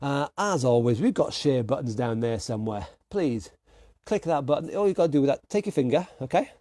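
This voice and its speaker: A man with a British accent coaching an online workout class, calling out moves and countdowns with energetic encouragement. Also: mid-range voice, fairly quick, dry recording. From United Kingdom. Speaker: fitness instructor.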